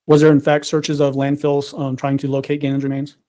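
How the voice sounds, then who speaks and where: A man's voice: on the high side, monotone, a little fast, dark tone. A man acting as prosecutor in a courtroom, asking a witness a string of formal, repetitive questions.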